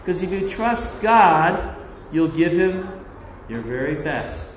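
A man with a high voice and an unhurried delivery preaches a sermon, slipping into animated voices for God and for grumbling believers. His voice rings in a roomy space, and the sound is a little dull. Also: slight background noise.

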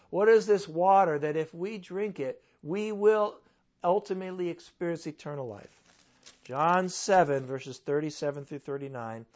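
Conversational male preacher, dull lo-fi sound. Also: fairly high pitch. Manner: conversational, asks rhetorical questions. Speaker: pastor. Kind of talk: sermon.

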